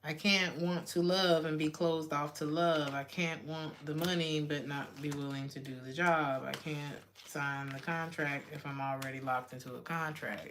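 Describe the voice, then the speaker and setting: A woman with a low-pitched voice gives a casual tarot reading against a noisy background. She's blunt and loose-tongued, swearing freely and laughing often.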